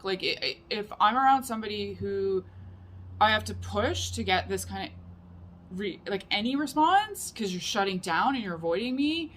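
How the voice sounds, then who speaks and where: A woman's voice: mid-range voice, a bit bright. A woman vlogger telling a personal story to camera, rambling and emphatic, with many fillers. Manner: rambling and emphatic, heavy use of "like".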